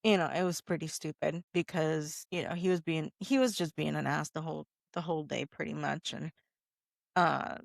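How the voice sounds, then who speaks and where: A woman co-hosting a podcast in a studio, chatting in a low-key way that is full of fillers. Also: fairly even intonation, normal speed, vocal fry, no echo. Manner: low-key, lots of "you know" and "um" fillers. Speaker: podcast co-host. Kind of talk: casual chat.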